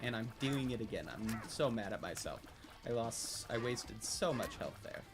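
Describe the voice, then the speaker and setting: A young man streaming a video game live, thinking out loud, getting excited and swearing freely as he plays. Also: medium pitch, moderate pace. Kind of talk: live gameplay commentary. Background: game music.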